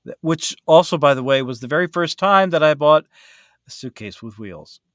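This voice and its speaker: A man's voice: on the high side, animated, normal speed, fairly bright tone, dry recording. Male podcast host, chatty and rambling, full of fillers; dry recording. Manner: rambling, with many fillers and restarts. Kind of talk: casual chat.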